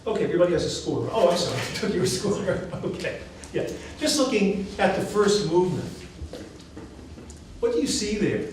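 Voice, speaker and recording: A male music professor teaching a class, asking students questions in an animated, encouraging way. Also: high-pitched, normal speed. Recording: echoey classroom from far off, faint hiss.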